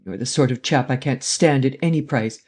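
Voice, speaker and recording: A man voicing Lupin, a witty, mocking gentleman thief, in a read-aloud adventure story. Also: mid-range voice, a little fast, natural voice. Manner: mocking, jaunty.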